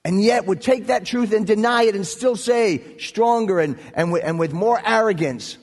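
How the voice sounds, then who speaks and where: A man's voice: on the high side, normal speed, darkish tone. A man preaching a sermon as pastor, earnest and storytelling, building to emphatic points. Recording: echoey hall reverb.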